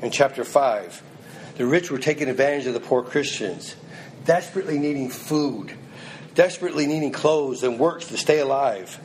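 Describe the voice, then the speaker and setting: A man's voice: medium pitch, normal speed, slight background noise, poor audio. A man preaching a sermon, reading scripture aloud and then pressing it on his listeners in an earnest, emphatic way.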